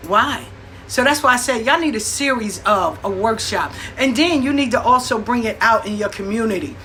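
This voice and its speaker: A woman tells stories straight to her listeners. She is blunt and profane and acts out what people said. Her voice is bright and set a little high, with a faint hum of room sound behind her. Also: moderate pace. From New York. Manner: blunt, profane, animated with acted-out quotes. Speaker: host. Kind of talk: casual storytelling monologue.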